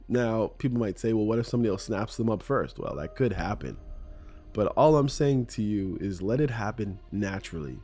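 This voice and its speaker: A man's voice: medium pitch, dark tone, slightly rough. A man hosting a solo podcast, talking in a rambling, conversational and self-deprecating way in his morning voice. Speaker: podcast host.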